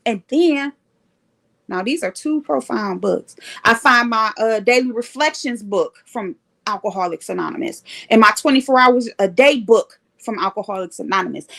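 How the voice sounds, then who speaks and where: Woman on a live stream telling a story all animated and emphatic, kinda high voice with a gravelly edge. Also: moderate pace. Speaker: livestream host sharing recovery story. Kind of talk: casual live-stream chat.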